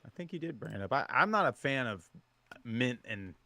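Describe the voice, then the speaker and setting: A man's voice: mid-range voice, sing-song, a little fast, vocal fry, pushed and bright, no echo. A man co-hosting a sports podcast, talking in a rambling casual way with many restarts. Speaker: podcast co-host. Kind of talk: casual chat.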